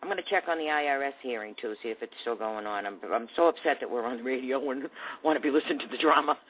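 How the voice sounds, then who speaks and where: A woman's voice: extremely low pitch, fast talker. A woman hosting a talk radio show, giving indignant, sarcastic commentary. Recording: tinny phone-like audio.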